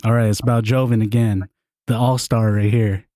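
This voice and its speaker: Animated, laughing male podcast storyteller. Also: on the low side, normal speed, dry recording, studio quality. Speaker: podcast host. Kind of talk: casual chat, storytelling.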